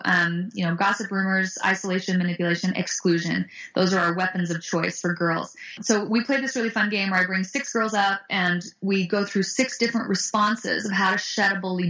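A woman's voice: mid-range voice, low-quality recording. A woman guest in an interview, talking animatedly about anti-bullying tools and acting out the voices of the kids in her stories. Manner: animated, acts out quoted voices. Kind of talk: interview answers.

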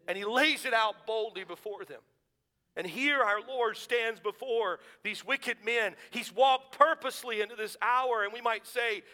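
A man's voice: sits high, pushed and bright, long reverb tail. A man preaching a sermon, earnest and rhetorical, stacking questions and building to emphatic declarations.

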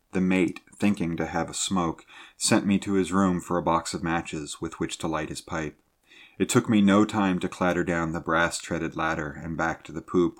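A man reading a sea adventure story aloud in a measured, low-key narrating manner.

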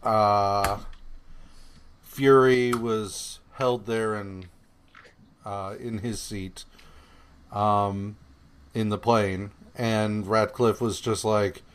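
Slow, rambling man recapping comics. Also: on the low side, smooth. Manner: meandering, profane, many fillers and hesitations; paraphrases characters in a flat, sarcastic retelling. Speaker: podcast co-host. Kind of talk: casual comic-book recap chat.

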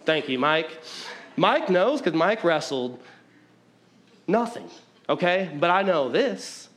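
Guy preaching a sermon, chatty and self-mocking, voice sits a bit high for a man. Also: big pitch swings, takes it slowly, fairly bright tone. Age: adult, married with children.

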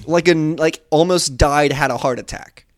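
A man's voice: on the high side, normal speed, no echo, clean studio sound. A man co-hosting a casual movie podcast, rambling through a retelling with lots of fillers. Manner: rambling storyteller, many "like" fillers. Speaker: podcast co-host.

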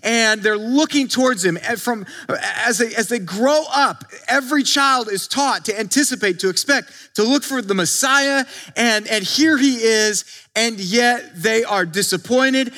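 A man's voice: high-pitched, pushed and bright. A male pastor preaching a conversational sermon, acting out quotes and often restarting his sentences.

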